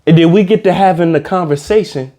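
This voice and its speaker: A man hosting a comedic reaction video, ranting in casual slang and jumping into high mocking voices. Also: quick pace. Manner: animated, slangy, swings into high squeaky mock voices. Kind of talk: comedic rant reacting to a reality show.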